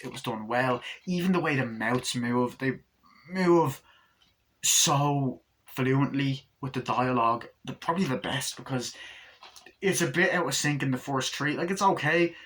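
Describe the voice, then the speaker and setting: A man's voice: mid-range voice, a bit bright, slight background noise. A man giving a casual, rambling movie review, enthusiastic and swearing often.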